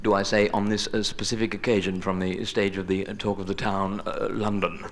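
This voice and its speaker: A man's voice: fairly low pitch, little pitch movement, brisk, background noise. An Australian man doing live stand-up comedy, rambling and joking through stories on a theatre stage. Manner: chatty, rambling, jokey storytelling. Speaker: comedian and singer. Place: large theatre stage before a live audience. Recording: live stage recording with music.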